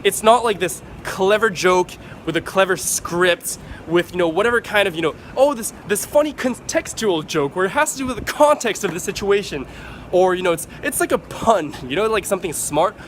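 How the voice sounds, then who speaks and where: A man vlogging to camera, giving casual advice in an animated way, swearing freely and acting out excited examples. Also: sits high, moderate pace, a little hiss or hum.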